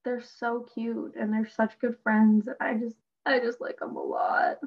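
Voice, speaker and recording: A young woman co-hosting a podcast, chatting excitedly as a fan, laughing and filling her talk with "like". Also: on the high side, unhurried, gravelly. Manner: excitable, laughing, heavy use of "like". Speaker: podcast co-host. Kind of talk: casual fan chat. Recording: dull lo-fi sound.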